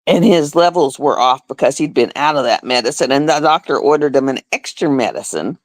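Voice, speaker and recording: A middle-aged woman who works as a nurse, telling a story on a casual live stream in an animated, emphatic way and repeating words for effect. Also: rumbling low, brisk, no echo.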